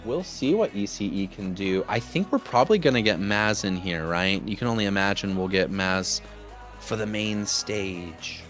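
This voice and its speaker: A man casting a live esports match as play-by-play commentator, jokey and excitable with loud bursts of enthusiasm. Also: on the low side, moderate pace. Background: music.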